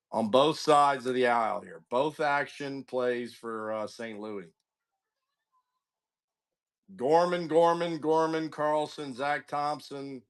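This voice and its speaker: A talkative man runs a live card break, greeting viewers by name as he goes. He drifts between rundowns of teams and rambling stories full of asides. His delivery is loose and conversational. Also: medium pitch. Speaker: card break livestream host. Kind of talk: casual livestream chat.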